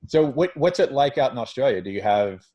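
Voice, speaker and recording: A man's voice: mid-range voice, animated, a little fast, warm tone, highs cut off. A man hosting a podcast interview, talking earnestly and emphatically and restarting his phrases. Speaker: podcast host. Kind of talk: conversational interview.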